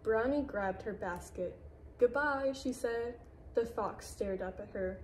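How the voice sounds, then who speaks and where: A woman reading a children's picture book aloud at an unhurried pace, the way a librarian does at storytime. Her voice is mellow and warm-toned, gentle and even in its telling. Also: medium pitch, slight background noise, poor audio.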